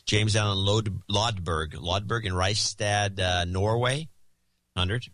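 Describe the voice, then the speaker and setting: A man with a low voice and a bright, forceful edge works through a list of donors with dry, sardonic asides. The sound is close and dry. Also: slow, dry recording. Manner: dry, sardonic, reads names and amounts in a steady rhythm. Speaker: podcast co-host. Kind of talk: casual chat, reading donor list.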